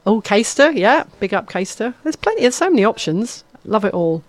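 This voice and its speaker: A woman hosting a local radio show in casual chat, rambling with fillers and quick self-corrections. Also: on the high side, very animated. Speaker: radio presenter. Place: radio studio.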